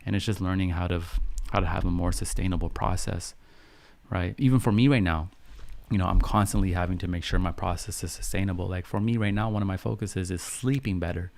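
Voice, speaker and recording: A young man hosting a live-stream podcast, calm and soft-spoken, chatting with viewers in an unhurried way. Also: sits low, vocal fry. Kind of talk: casual live-stream chat, answering viewer questions.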